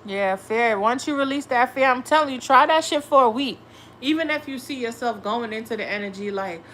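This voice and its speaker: Her voice fairly high, sharp and animated, this young woman runs a tarot livestream at a slightly fast pace over slight background noise. She's blunt and profane, swearing freely and talking back to her chat in casual conversation.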